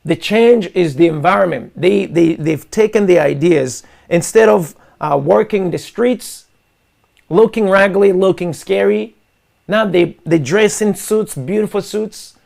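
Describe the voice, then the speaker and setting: Gravelly, high-pitched impassioned male host. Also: a little slow. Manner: forceful, repetitive, addresses listeners as guys. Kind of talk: impassioned monologue to an online audience.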